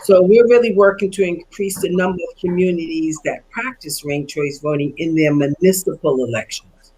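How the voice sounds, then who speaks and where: A woman speaking on a panel, explaining voting policy in an earnest, steady way with occasional fillers. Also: lowish voice, moderate pace, breathy edge, low-quality recording. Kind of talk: panel discussion remarks.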